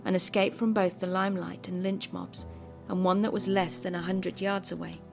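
A woman with a fairly low voice tells a first-person horror story in a measured, bitter way. Her reading is scripted and steady, and music plays behind her the whole time. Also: vocal fry. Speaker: story narrator.

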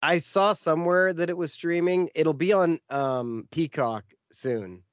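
Speaking at a measured pace in a voice on the high side, this male podcast co-host wanders through a lengthy anecdote full of filler words. There's no room sound, though the audio is muffled.

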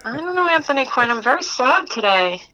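A woman's voice: high-pitched, sing-song, a little fast, sharp tone, poor audio. A woman co-hosting a podcast, giggling in a mopey, self-deprecating way. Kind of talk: casual podcast banter.

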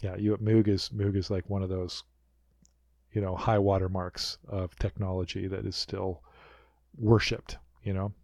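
Guy rambling through a show recap on a podcast, kinda low voice, dry close mic. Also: measured pace, vocal fry, no room sound. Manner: chatty, rambling, animated retellings. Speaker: podcast co-host. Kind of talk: casual recap chat.

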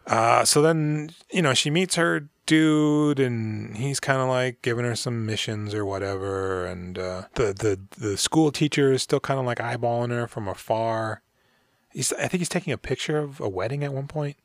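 A man's voice: medium pitch, moderate pace, gravelly, no room sound, studio quality. Man casually rambling through a movie recap. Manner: rambling and profane, acts out characters' lines. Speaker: podcast co-host.

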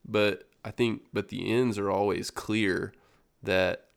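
A man's voice: lowish voice, fairly even intonation, slow, gravelly. A man co-hosting a podcast, reflecting on a book in a casual, hesitant way with many ums. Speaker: podcast co-host.

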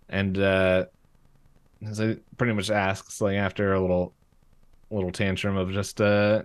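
A man co-hosting a podcast, recapping a cartoon episode in casual chat, rambling and halting and laughing often. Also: sits low, little pitch movement, clear, resonant tone. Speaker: podcast co-host.

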